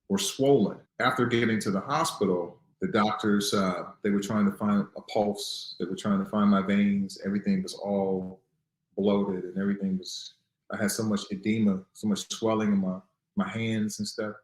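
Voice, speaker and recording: A man's voice: fairly low pitch, level tone, moderate pace, reverberant, rough recording. A man in his thirties from Newark, telling his own story as an interview guest, earnest and at times defiant. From Newark, New Jersey. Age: 30s.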